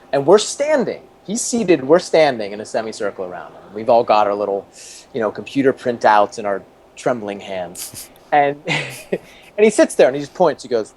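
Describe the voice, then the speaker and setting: Casting: man in his 30s, mid-pitched, rambling anecdotal guest, laughs a lot. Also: darkish tone. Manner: rambling, many restarts, chuckles often. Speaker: interview guest, former TV producer. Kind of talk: casual storytelling in an interview.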